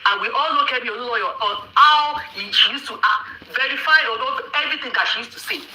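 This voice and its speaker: A woman's voice: a little high, fast talker, bright, forceful tone, echoey room, slight background noise, rough recording. A woman from Nigeria calling into a live chat, giving an impassioned, repetitive opinion full of restarts. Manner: preachy, repetitive, with frequent restarts. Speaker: caller on a live audio chat.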